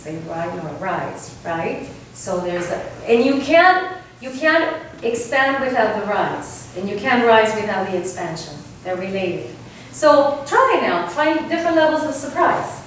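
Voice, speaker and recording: With a mid-range voice and a slight hiss or hum on the recording, an Argentine vocal coach runs a choir workshop. She's heard from a distance in an echoey room, demonstrating sounds by singing and checking with "right?" again and again.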